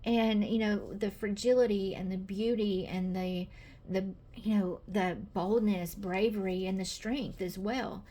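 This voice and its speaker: A woman's voice: mid-range voice, fairly even intonation, unhurried, mellow. A woman with a Southern American accent, chatty and gushing, presenting her own tarot deck in a casual video with many fillers.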